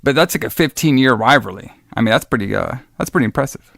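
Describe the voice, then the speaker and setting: Rambling, excited podcast co-host man. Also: mid-range voice, fast, gravelly, no echo, clean studio sound. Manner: rambling, lots of fillers and tag questions; enthusiastic about old wrestling shows. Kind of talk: casual podcast chat.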